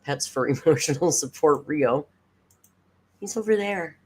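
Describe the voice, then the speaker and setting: A woman's voice: sits low, unhurried, a little mellow, breathy edge. Woman, livestream host, sarcastic, swears a lot, reads chat aloud. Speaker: reaction streamer host. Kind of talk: casual livestream commentary.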